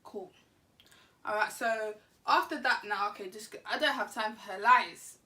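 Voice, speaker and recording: A woman telling a story to camera in an animated, slangy, laughing way. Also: medium pitch, a little slow, far from the mic. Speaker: vlogger. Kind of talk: casual storytime.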